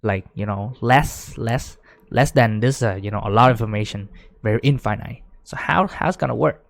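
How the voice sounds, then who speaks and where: A man giving a casual whiteboard lecture, full of fillers like "right?", growing excited as he explains. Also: mid-range voice, moderate pace, vocal fry, dry recording. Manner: chatty, many fillers, rising excitement when explaining. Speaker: teacher.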